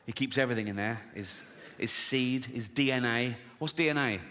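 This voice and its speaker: Sardonic comedian in a big hall. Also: male voice, mid-range voice, normal speed, pushed and bright. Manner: sardonic, swearing, laughing at his own jokes. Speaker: stand-up comedian. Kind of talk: stand-up comedy set. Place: large theatre stage. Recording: live hall reverb, faint noise.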